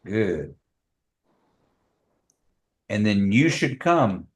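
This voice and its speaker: Man, teacher, language lesson, unhurried, patient, repeats phrases, slightly low voice. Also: expressive. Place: classroom with a group of students.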